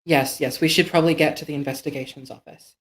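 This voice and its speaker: A man playing a character in a tabletop game, speaking hesitantly and haltingly. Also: fairly high pitch, fairly even intonation, low-quality recording. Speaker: player.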